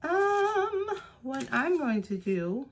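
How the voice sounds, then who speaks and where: A woman leads a relaxed craft session and talks to herself as she works things out. She takes her time, with many pauses and restarts. Faint noise and small clicks sit behind her voice. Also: sits high. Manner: chatty, self-talking, thinking aloud while crafting; slow, unhurried delivery with frequent pauses. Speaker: craft and journaling creator. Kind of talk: casual craft tutorial chat.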